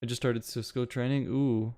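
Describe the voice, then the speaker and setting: Young man, casual stream chat, warm smooth voice, rambling. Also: medium pitch, little pitch movement, moderate pace, no echo, studio quality. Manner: rambling, swears casually, reads chat aloud. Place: home, city with bootcamps he attended.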